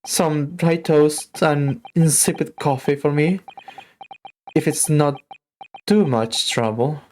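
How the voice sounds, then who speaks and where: A woman's voice: deep voice, a little mellow, a little hiss or hum. Woman doing a gloomy theatrical detective man. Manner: melancholy, theatrical and slow. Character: gloomy dramatic male detective, violinist. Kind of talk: reading game dialogue aloud.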